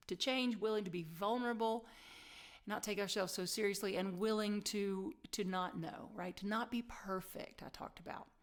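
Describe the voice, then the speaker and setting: A woman minister delivering an inspirational sermon, telling a story animatedly and laughing at herself, sometimes dropping to a soft, near-whispered emphasis. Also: mid-range voice.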